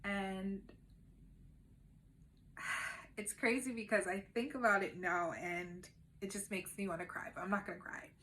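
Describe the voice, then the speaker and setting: A woman vlogger candidly telling a personal story at home, emotional and at times quiet and subdued. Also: medium pitch, steady tone, measured pace, pauses often.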